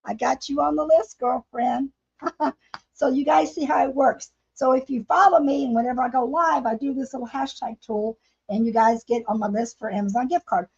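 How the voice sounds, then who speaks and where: A woman's voice: high-pitched, fairly even intonation, fairly quick, husky. A woman hosting a casual craft livestream from home, chatting and laughing with her viewers while she paints. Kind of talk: casual live-stream chat while painting. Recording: dull lo-fi livestream audio.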